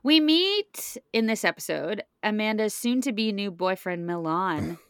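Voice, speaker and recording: A woman's voice: medium pitch, very animated, a little slow, fairly bright tone, smooth, no echo, clean studio sound. A woman co-hosting a podcast in casual chat, leading the episode recap and laughing often. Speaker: podcast co-host.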